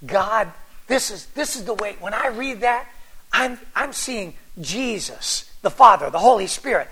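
Male pastor preaching, slow, deliberate delivery with a bright edge. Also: sits high, big pitch swings, slightly rough. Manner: preaching with rising fervor and scripture reading. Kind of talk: sermon.

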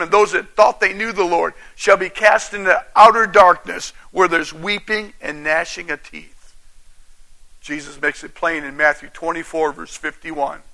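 A man's voice: high-pitched, bright, forceful tone. A man preaching a sermon, reading scripture aloud and calling out questions to his congregation.

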